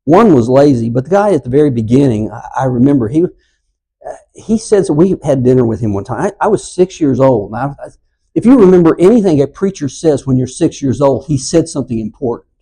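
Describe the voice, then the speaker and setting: A man in his sixties teaching a church Bible class, telling stories and getting loud and animated when he acts out quotes. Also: mid-range voice, fairly quick, breathy edge, low-quality recording. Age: 60s.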